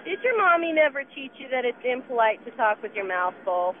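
A woman calling a radio show from her car on the way home, accusing and sharp with pointed questions. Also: on the high side, very animated, brisk. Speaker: caller. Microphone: phone. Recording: tinny phone line with faint road noise.

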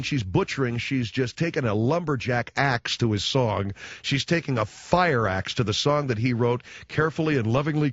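A man's voice: mid-range voice, dry recording, muffled recording. A man hosting a radio show, ranting sarcastically and rambling from one showbiz jab to the next. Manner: sarcastic, rambling, riffing with impressions. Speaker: radio host. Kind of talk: comedic talk radio rant.

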